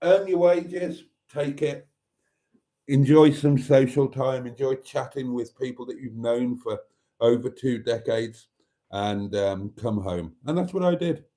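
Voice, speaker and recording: A man's voice: medium pitch, measured pace, warm tone. A man hosting a casual livestream, reading viewer comments aloud in a chatty, playful way and repeating items back to callers. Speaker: livestream host.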